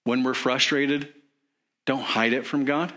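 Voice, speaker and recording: A man's voice: mid-range voice, steady tone, unhurried, sharp tone. A man preaching a sermon in an earnest, conversational way, asking his congregation questions. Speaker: pastor.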